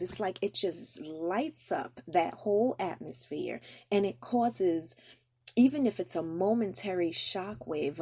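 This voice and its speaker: A woman's voice: lowish voice, a little mellow, husky, no room sound. A woman podcast host telling a personal story in an earnest, heartfelt way, with frequent ums.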